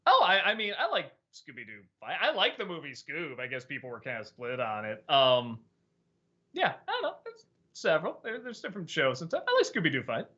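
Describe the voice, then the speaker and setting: A man with a bright, forceful voice and a lively, swinging pitch chats casually on a livestream. He laughs often and stumbles over restarts as he answers questions. The sound is a bit dull and lo-fi. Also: fairly quick. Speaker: show host answering chat questions.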